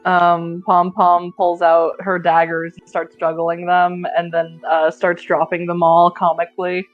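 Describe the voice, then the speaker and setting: A woman's voice: on the low side, monotone, measured pace, phone-quality sound, soft background music. A woman playing a tabletop game who narrates her clown character in a playful, giggly way. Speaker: player.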